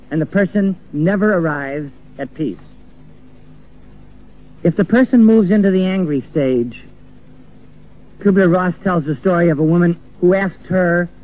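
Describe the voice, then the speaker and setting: A man preaching an earnest sermon, acting out the voices of the people he quotes. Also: high-pitched. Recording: tinny phone-like old recording with faint music.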